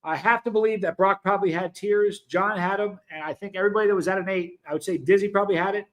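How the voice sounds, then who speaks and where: Chatty high-voiced man streaming live. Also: fairly even intonation, fast, fairly bright tone. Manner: chatty, rambling, self-interrupting. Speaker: livestream host. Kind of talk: casual livestream chat, reading viewer comments.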